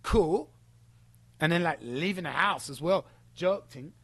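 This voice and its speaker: A man's voice: fairly high pitch, measured pace, fairly bright tone, husky, no room sound. A man delivering an angry, profane, sarcastic callout rant against a rival. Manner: heated, profane, sarcastic, mocking. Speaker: streamer calling out a rival.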